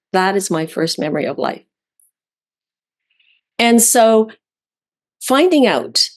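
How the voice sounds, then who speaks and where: A woman from Canada, an author telling a heartfelt personal story, slowing down on key words. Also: medium pitch, a little mellow. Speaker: author guest.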